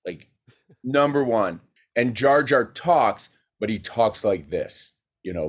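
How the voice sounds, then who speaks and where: A man, a guest filmmaker, telling a story in a casual podcast chat, animated and rapid with many fillers. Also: mid-range voice, slightly rough.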